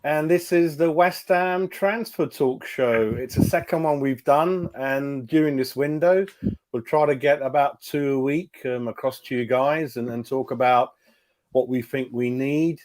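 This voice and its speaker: A man's voice: medium pitch, a little mellow. A man hosting a casual fan talk show, chatty, often repeating words and using fillers. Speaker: host. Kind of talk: casual chat.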